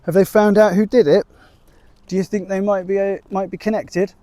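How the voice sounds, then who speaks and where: A man's voice: fairly high pitch, fast talker, warm tone, no room sound, natural voice. A man voicing a polite, hesitant woman new to a village, speaking in a raised, careful voice. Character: polite, hesitant young-ish newcomer woman.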